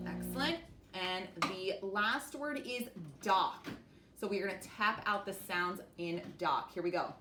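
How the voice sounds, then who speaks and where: A woman teaching a phonics lesson to young children, speaking slowly and clearly and encouraging them. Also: mid-range voice, over loud music. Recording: echoey room with faint noise.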